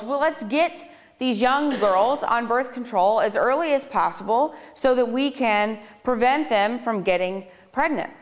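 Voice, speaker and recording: A woman's voice: fairly high pitch, lively intonation, unhurried. Woman speaker in an echoey hall. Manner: conversational, with dry sarcastic asides. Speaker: public speaker. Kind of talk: personal testimony talk to a live audience. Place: lecture hall on a speaking tour. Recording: reverberant hall sound.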